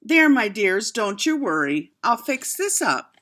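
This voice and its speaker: Lady doing a happy mama fox, soothing and a bit high, storybook. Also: sing-song, a little slow, a bit bright, exaggerated voice. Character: happy motherly fox wife.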